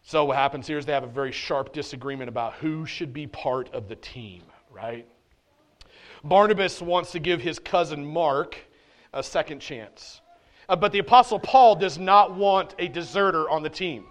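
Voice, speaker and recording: Animated, conversational male preacher. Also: fairly high pitch, moderate pace. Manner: animated and conversational, with casual slang. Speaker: pastor. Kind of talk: sermon. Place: church.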